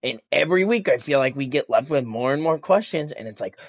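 A man co-hosting a casual podcast, rambling excitedly and swearing freely. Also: medium pitch, brisk, no room sound. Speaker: podcast co-host. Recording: dull lo-fi mic.

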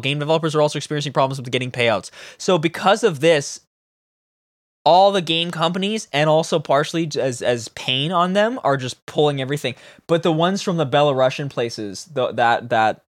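A man's voice: a little high, no echo, studio quality. A young man from Canada, co-hosting a podcast in casual chat, teasing and laughing in banter. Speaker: podcast co-host.

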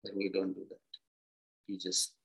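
Unhurried man giving a spiritual talk. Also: low-pitched, completely flat delivery, low-quality recording. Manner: gentle, unhurried, speaks in short phrases with pauses; simple everyday comparisons, encouraging tone. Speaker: spiritual teacher.

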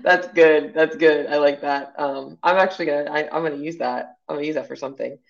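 A woman's voice: sits low, fairly even intonation, quick pace, vocal fry, muffled recording. A woman co-hosting a casual podcast, coaching her partner in a chatty, encouraging way with many fillers. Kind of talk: casual chat.

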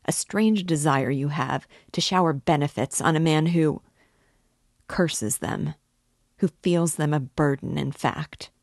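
Woman reading a sick bitter young guy begging to be left alone, low dry voice. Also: measured pace, darkish tone, no room sound. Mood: bitter pleading. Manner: bitter, pleading, pushing the friend away. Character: feverish, bitter young man, weak and irritable.

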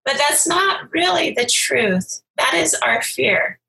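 A woman's voice: high voice, big pitch swings, slow, vocal fry, pushed and bright, reverberant, rough recording. A middle-aged woman speaking as a guest, telling a story in an earnest, encouraging way. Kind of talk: heartfelt conversational storytelling.

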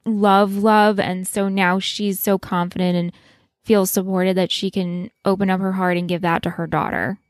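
A woman's voice: mid-range voice, flat delivery, dry recording, studio quality. A woman co-hosting a podcast, chatting casually about a TV episode and chiming in often. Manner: chatty, quick to chime in and agree. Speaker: podcast co-host. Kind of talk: casual TV recap chat.

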